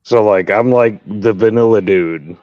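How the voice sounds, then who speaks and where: A man's voice: fairly low pitch, no room sound, highs cut off. A man in a casual chat who stammers, restarts and jokes around. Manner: halting, stammering, joking.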